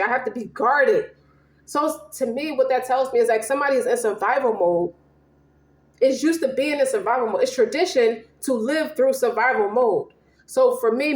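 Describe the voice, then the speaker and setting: A woman's voice: on the high side, reverberant. A woman giving a casual tarot reading, slangy and profane, rambling and emphatic. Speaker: tarot reader.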